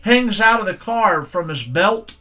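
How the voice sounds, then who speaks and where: Bright-voiced older pastor. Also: male voice, high-pitched, expressive, a little slow. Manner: plainspoken storytelling, folksy and firm. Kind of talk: sermon with personal stories.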